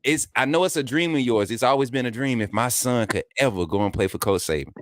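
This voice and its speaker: A man's voice: medium pitch, fast talker, no echo, clean studio sound. Joking male podcast host. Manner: joking, lively, conversational. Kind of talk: casual interview.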